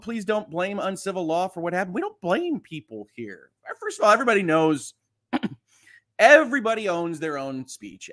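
A man hosting a livestream, reading viewer comments aloud with a reassuring, joking manner. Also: a little high. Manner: reassuring, joking, lively swings in loudness. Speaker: livestream host.

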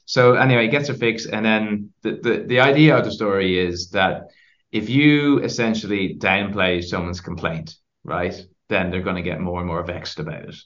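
Animated storytelling man, dull audio. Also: lowish voice, normal speed. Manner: animated storyteller, many restarts. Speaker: podcast guest, company founder. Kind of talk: casual interview chat.

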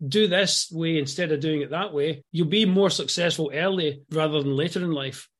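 A man's voice: a little high, normal speed. A Scottish man in his fifties, a guest entrepreneur on a podcast, speaking earnestly and often repeating words as he starts a thought. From Scotland. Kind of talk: podcast interview.

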